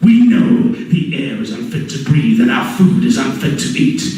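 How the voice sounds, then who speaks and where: A man performing the rant of a furious television newsman, shouting more and more. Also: a little high, very animated, moderate pace, heavy reverb, recorded from a distance, faint music behind, voice pushed down, poor audio. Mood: bitter. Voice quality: shouting, rising to hoarse yelling. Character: furious newsman ranting on air, adult man.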